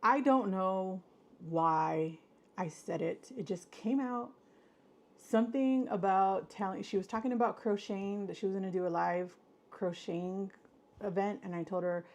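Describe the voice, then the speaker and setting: Chatting with her viewers on a laid-back live stream, a woman speaks at a measured pace. She's effusive and gushing, her voice leaping high when she gets excited.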